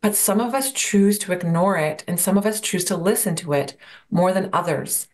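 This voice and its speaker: A woman's voice: fairly low pitch, normal speed. A woman guest on a podcast, talking about burnout in a reflective coaching manner and posing rhetorical questions. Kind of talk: interview answers.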